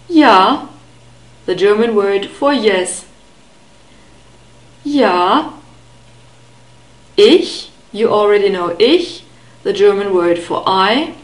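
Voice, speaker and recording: Slow, careful woman teaching pronunciation. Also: mid-range voice, animated, roomy sound, low-quality recording. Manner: careful, deliberate enunciation with repeated model words. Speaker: language teacher.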